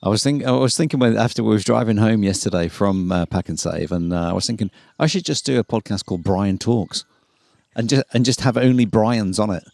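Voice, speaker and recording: Gravelly low-voiced man, laid-back. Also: a little fast, a little mellow, no room sound. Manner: laid-back, agreeable, fills in with "yeah". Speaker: podcast co-host. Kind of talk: casual podcast chat. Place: outdoors at home.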